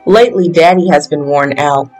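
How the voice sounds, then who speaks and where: A storybook reader taking on a child's first-person narration in a plain, mid-pitched voice. Faint music plays softly behind the reading. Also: normal speed, poor audio. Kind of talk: reading a picture book aloud.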